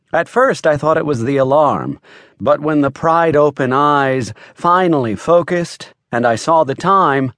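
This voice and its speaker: A man's voice: medium pitch, no echo, studio quality. A man reading a hardboiled mystery in first-person narration, with a wry and playful delivery. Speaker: audiobook narrator. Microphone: studio mic.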